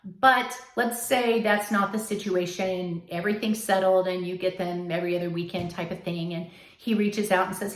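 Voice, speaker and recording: A woman's voice: on the low side, steady tone, moderate pace. Firm woman giving advice in an echoey room. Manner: firm, coaching, acts out quoted lines. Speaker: advice host. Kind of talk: direct advice talk to camera.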